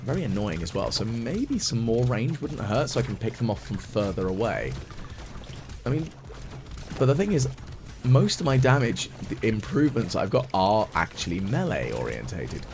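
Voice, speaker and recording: A man's voice: lowish voice, sing-song, moderate pace, a little mellow, a little hiss or hum. A man giving chatty ASMR gaming commentary as a let's play host, thinking aloud and mocking his own mistakes. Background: game music.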